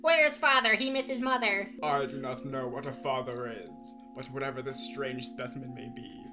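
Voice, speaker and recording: A brash little astromech robot, voiced by a woman, yelling in stiff, mechanical phrasing. The voice is pitched up and loud. Guitar music plays behind. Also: animated, moderate pace. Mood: excited.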